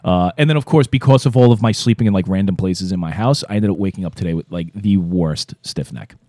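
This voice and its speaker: Podcast co-host, male, low mellow voice, rambling and profane, dry close sound. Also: quick pace, dry recording. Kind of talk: casual chat.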